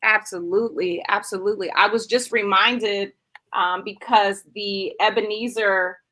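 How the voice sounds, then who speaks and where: A woman's voice: mid-range voice, steady tone, a little slow, pushed and bright. A woman hosting a live radio talk show, playful and joking, laughing often. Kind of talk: lively casual live-stream chat.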